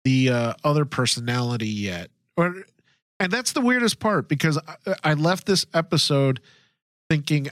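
A man's voice: on the high side, animated, normal speed, a bit bright, no room sound, clean studio sound. Upbeat man with a raised voice. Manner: enthusiastic, laughs often. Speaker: podcast co-host. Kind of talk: casual chat about a TV series.

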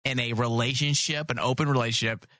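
A man co-hosting a comedy podcast, telling crude stories in an animated way. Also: medium pitch, fast talker, dry recording, studio quality. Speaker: podcast co-host. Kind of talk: casual comedic chat.

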